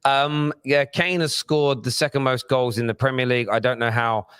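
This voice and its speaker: A man's voice: medium pitch, fairly even intonation, moderate pace, a bit bright, smooth, no echo. A man, hosting a casual football fan chat, jokey and rambling. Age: 30s. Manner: jokey, self-mocking, rambling. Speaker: fan channel host.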